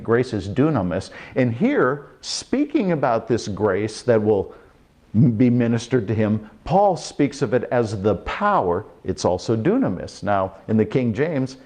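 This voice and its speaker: Animated man preaching a short teaching. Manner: animated, acts out quotes with big pitch jumps.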